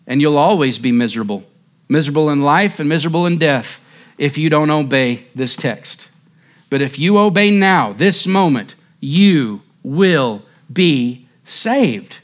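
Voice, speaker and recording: A man's voice: fairly high pitch, animated, measured pace. A man doing a fervent rustic lay preacher. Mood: urgent. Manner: folksy, plain-spoken, emphatic preaching. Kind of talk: quoted sermon reading.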